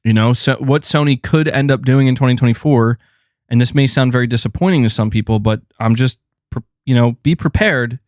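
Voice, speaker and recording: A man doing casual live-stream commentary on gaming news, animated and slangy, laughing often and acting out mock exchanges. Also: medium pitch, brisk, dry recording, clean studio sound.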